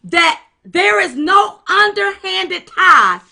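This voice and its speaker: A woman co-host with a high-pitched voice, talking in animated political chat. She is emphatic and folksy and fires off one rhetorical question after another. Her tone is bright and sharp. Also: slow pace, gravelly. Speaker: co-host of a political commentary show.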